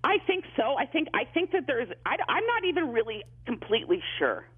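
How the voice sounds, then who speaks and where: Over a tinny phone line, a man with a very high, slightly rough voice speaks a little fast and very animatedly. He's a psychic medium in a phone-in interview, telling stories and often repeating himself or beginning sentences again.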